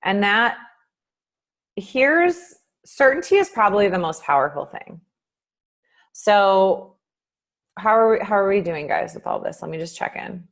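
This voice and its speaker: Animated yet a little slow, a woman life coach leaves long pauses during her casual streamed motivational talk. She voices her inner thoughts with sweeping changes in pitch and volume, sprinkling in many ums.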